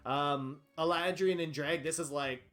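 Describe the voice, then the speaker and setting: A man's voice: on the high side, fairly even intonation, a little slow, fairly bright tone. A man narrating a tabletop game as game master, chatty and full of fillers, often laughing.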